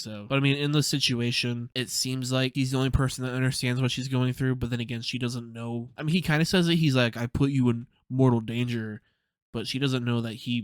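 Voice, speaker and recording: Smooth-voiced young man rambling casually. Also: medium pitch, dry recording, clean studio sound. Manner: casual, rambling, swears freely, lots of "like". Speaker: TV episode reviewer. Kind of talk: casual spoiler recap.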